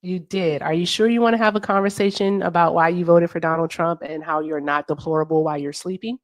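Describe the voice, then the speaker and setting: A woman's voice: on the low side, fairly even intonation, quick pace, dry recording, clean studio sound. A woman hosting a livestream, questioning callers in a blunt, teasing way. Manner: blunt, teasing, talks straight to viewers. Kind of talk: casual live-stream chat.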